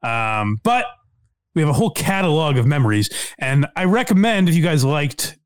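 A man hosting a podcast, chatting casually about comedy clips, excited and laughing, loose with fillers and swearing. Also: a little high, moderate pace, smooth, no room sound, clean studio sound. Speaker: podcast host. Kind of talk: casual chat reacting to clips.

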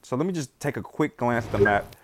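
Excitable man in his thirties commentating. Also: mid-range voice, fairly quick, a little hiss or hum. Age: 30s. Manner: exclaiming, laughing, talking to himself. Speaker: gaming video host. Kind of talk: casual gameplay commentary. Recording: loud game sounds behind voice.

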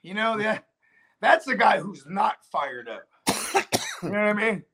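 A man co-hosting a casual sports podcast, talking in a loose, slangy, animated way and swearing freely. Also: high voice, unhurried.

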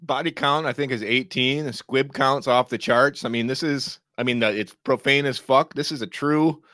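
A man's voice: mid-range voice, steady tone, moderate pace, pushed and bright, no echo, studio quality. A man co-hosting a casual movie review podcast, wry and blunt, often laughing. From Pennsylvania. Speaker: podcast co-host.

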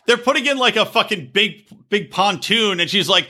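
A man's voice: sits high, expressive, moderate pace, sharp tone. A man co-hosting a podcast in casual chat, crude and mocking, cracking jokes. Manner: crude, joking, mocking, does silly voices. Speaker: podcast co-host.

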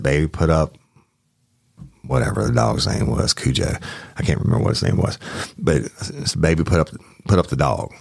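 Very deep-voiced man telling a story. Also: vocal fry, darkish tone, no room sound, clean studio sound. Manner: rambling with restarts and swearing. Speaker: podcast host recounting a police case. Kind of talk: casual storytelling.

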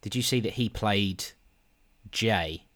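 Deep-voiced man, dry sarcastic film chat. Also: slow pace, a bit bright. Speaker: podcast co-host. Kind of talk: casual film review chat.

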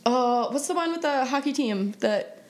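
A woman's voice: high voice, animated, moderate pace. A woman co-hosting a podcast in casual chat, talking loosely with lots of "like" fillers and laughing through her stories. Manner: chatty, many "like" fillers, laughs while telling stories. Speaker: podcast co-host.

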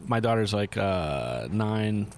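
A man in his forties, a guest artist, telling stories in a profane, rambling, animated way. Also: lowish voice, slow pace, a little hiss or hum. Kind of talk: casual storytelling.

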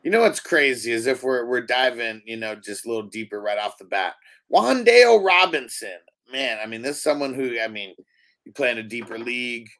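A man with a medium-pitched voice speaks fairly quickly as he hosts a casual fantasy football chat. Relaxed, he runs the segment and reads off roster stats.

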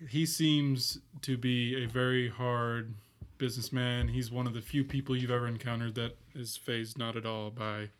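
A man's voice: medium pitch, fairly even intonation, moderate pace. Male game master, loose and chatty, narrates with lots of filler. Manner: casual, rambling, many fillers.

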